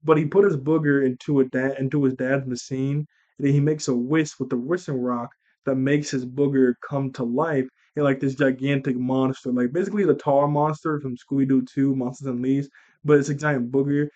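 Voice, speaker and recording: A young man casually recapping a movie he watched as a kid, rambling, animated and laughing as he acts out lines. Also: mid-range voice, normal speed, lo-fi sound. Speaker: movie reviewer.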